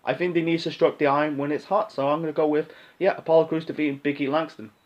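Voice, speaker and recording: A man's voice: a little high, little pitch movement, quick pace, dull audio. A man casually rambling through wrestling event predictions, blunt and full of fillers and restarts, sometimes swearing. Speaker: wrestling pay-per-view predictions host. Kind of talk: casual solo commentary.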